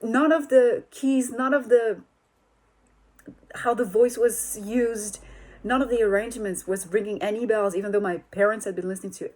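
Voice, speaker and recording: A woman's voice: a little high, fairly even intonation, moderate pace, darkish tone. A woman singer as an interview guest, chatting casually and telling stories animatedly, with many restarts and laughs. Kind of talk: casual video-call interview.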